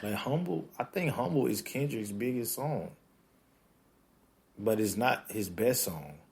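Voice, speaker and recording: A man, hosting a podcast in a casual rant. He swears constantly and keeps jumping into high, incredulous outbursts. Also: measured pace, vocal fry. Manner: profane, animated, breaks into high-pitched incredulous outbursts. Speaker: podcast host.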